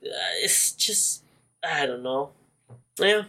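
A man's voice: takes it slowly, low-quality recording. A man co-hosting a podcast in casual chat, rambling and leaning on "like" a lot. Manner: animated, jumps into higher voices for quotes. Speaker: podcast co-host.

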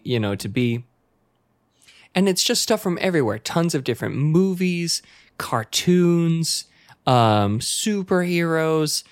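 A man with a Spanish accent telling a story in casual chat, animated and swearing freely, often breaking into laughter. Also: medium pitch, no echo, clean studio sound.

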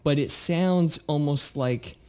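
Halting man in casual chat. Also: on the high side, mellow, clear, resonant tone. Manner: halting, many restarts and "uh" fillers.

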